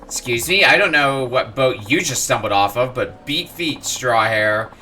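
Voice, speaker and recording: A man's voice: mid-range voice, animated, a little slow, pushed and bright, slight background noise. A man reading as a sneering bully samurai. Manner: sneering, crude and threatening. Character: bullying middle-aged male thug samurai.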